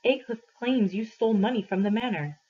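A woman voicing a gentle, weary old village priest who speaks softly and carefully in a read-aloud story, her voice husky. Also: brisk. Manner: soft, low and careful. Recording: dull lo-fi recording.

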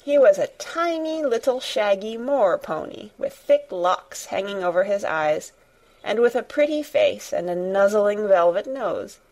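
A woman narrating a classic children's novel in a measured, expressive way. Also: mid-range voice. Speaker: audiobook narrator. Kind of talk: scripted narration.

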